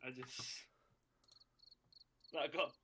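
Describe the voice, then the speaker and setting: A man playing a tabletop game in a casual, joking way. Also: background noise. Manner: joking and quick to laugh. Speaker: player.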